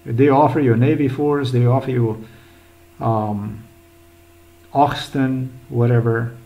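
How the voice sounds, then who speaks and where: A man talks through a screen recording in a rambling, agitated way. His pitch sits in the middle range, and he repeats words and curses often as he goes. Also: fairly even intonation, slow, creaky, highs cut off. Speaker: vlogger.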